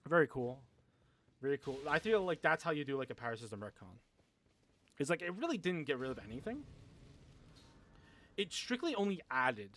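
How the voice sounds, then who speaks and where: A man's voice: fairly high pitch, sing-song, fairly quick, long pauses, fairly bright tone. A young man chatting casually with viewers on a gaming livestream, rambling, swearing a lot and laughing often.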